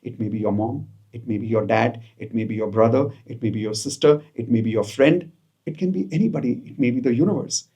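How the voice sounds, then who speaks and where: A man's voice: mid-range voice, a little fast, mellow, breathy edge. A man, coaching viewers through spoken affirmations and repeating each phrase with them. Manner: coaxing, repeats each phrase, mixes in Hindi. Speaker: self-help coach. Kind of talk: guided affirmation session for viewers. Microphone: camera, self-recorded.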